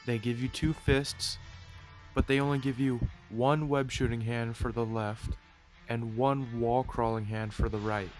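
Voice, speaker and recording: A man's voice: mid-range voice, fairly even intonation, unhurried, soft background music. A man with a plugged nose and a nasal voice, chatting casually through a toy review video. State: stuffy nose.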